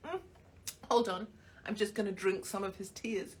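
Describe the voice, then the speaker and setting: An Englishwoman with a husky, breathy voice rants on a phone livestream from a hotel room. Her voice sits at a middling pitch. She swears freely, mocks her targets and laughs at her own jabs. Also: animated, slow pace, long pauses. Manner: blunt, sweary and mocking, laughs often. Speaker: livestream host. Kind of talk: casual livestream rant.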